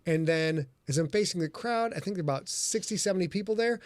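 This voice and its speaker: A man with a somewhat high voice hosts a casual podcast. He tells stories with lively energy and plenty of swearing, sometimes shouting out other people's lines. The room sounds dry. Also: fast talker, no echo. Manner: animated, profane, does loud voices in anecdotes. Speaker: podcast host. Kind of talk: casual chat, storytelling.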